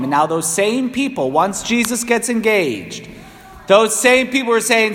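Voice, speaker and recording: Priest, New England accent, high-pitched, conversational homily, church reverb. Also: male voice, animated, measured pace, a bit bright. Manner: conversational, rising into impassioned cries.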